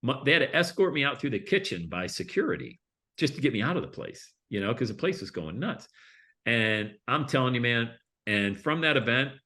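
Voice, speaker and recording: A brisk, mid-range-voiced man, a coach and public speaker, is a guest in a casual interview. He recounts his stories conversationally and with animation, acting out other people's voices.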